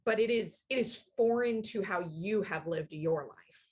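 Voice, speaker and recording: A woman's voice: medium pitch, moderate pace, a little mellow, breathy edge. A woman game master narrating a tabletop game in a thoughtful way, with many fillers.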